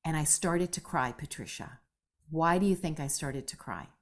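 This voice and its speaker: A woman in her fifties telling her story as a podcast guest, animated and casual, peppering her talk with "right?" and the odd swear word. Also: normal speed. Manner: animated, acts out quoted voices with big pitch jumps. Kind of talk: conversational storytelling.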